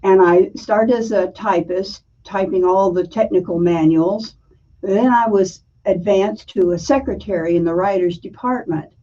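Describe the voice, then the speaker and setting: An older woman from Florida, an author guest, telling stories in an animated way with lively quoted voices. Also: mid-range voice, unhurried. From Southern US, Florida. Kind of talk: storytelling interview. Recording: muffled, distant mic.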